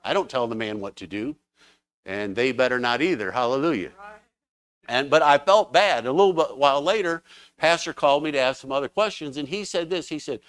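Male preacher, mid-pitched, lively testimony delivery, dry mic. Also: a little fast, dry recording. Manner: fervent, animated storytelling with exclamations. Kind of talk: sermon. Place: church.

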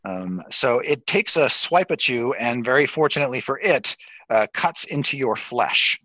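A man narrating as dungeon master, relaxed and pausing often as he describes the scene and rules. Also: mid-range voice, no room sound, poor audio. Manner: relaxed, with frequent pauses and fillers. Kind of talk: narrating a tabletop game.

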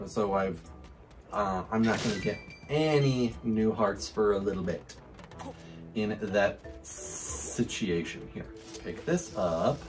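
A man hosting a let's-play video, commenting on his game to himself with frequent whoops, laughs and excited exclamations. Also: fairly low pitch, slow, music in the background. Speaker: gaming channel host.

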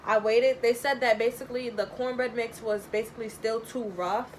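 A woman's voice: on the high side, fairly even intonation, normal speed, slight background noise, rough recording. A young woman talking through a casual home cooking tutorial, chatty and rambling, thinking aloud with lots of fillers. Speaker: home cook vlogger. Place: home kitchen.

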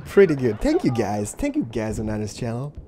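A man's voice: medium pitch, huge pitch swings, fairly quick, mellow. A young man goofing around and calling out action while playing an online shooter with a friend. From Sweden. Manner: playful, goofy, calls out the action. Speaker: gaming guest. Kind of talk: casual gameplay chat.

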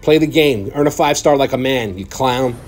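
A man's voice: mid-range voice, normal speed, a little hiss or hum. A young man boasting and trash-talking over gameplay as a gaming channel host, in a mock-arrogant way. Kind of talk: gameplay commentary.

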